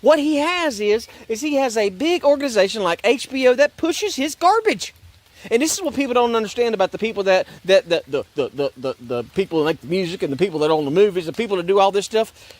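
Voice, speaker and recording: A man's voice: high voice, animated, fast. A man ranting in a sarcastic, repetitive way about religion and politics, rambling and restarting his sentences. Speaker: online commentator.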